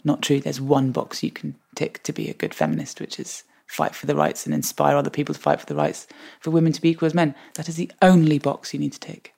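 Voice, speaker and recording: A woman, a guest on a podcast, telling anecdotes in an animated way and laughing often. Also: low voice, fast talker, creaky. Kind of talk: interview anecdote.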